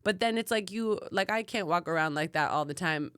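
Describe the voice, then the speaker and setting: A woman's voice: on the low side, a little fast, clean tone, no echo, studio quality. A woman co-hosting a podcast in casual chat, telling stories with lots of fillers and acting out quotes. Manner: animated storytelling, many fillers, acts out quotes. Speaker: podcast co-host.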